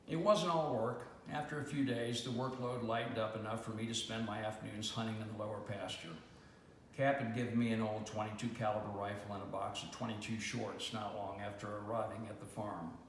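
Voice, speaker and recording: A man in his seventies reading his own memoir aloud in a steady, plainspoken way. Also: lowish voice. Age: 70s. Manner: steady, plainspoken storytelling with mild cursing. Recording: echoey room, faint hiss.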